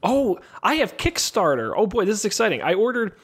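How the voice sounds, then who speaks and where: A man hosts a casual podcast, his voice sitting a little high for a man. He chats and jokes easily, then moves smoothly into the plugs and sign-off. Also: very animated, a little fast, a bit bright. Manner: chatty, joking, runs show plugs. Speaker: podcast host.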